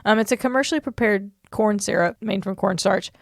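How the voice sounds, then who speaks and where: A woman co-hosting a casual podcast, reading old recipes aloud in a brisk, chatty rhythm. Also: medium pitch, dry recording, studio quality. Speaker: podcast co-host.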